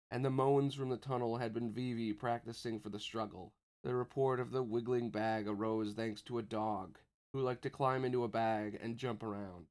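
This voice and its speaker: A man reading a story aloud in steady, scripted narration. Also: medium pitch, normal speed. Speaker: audiobook narrator.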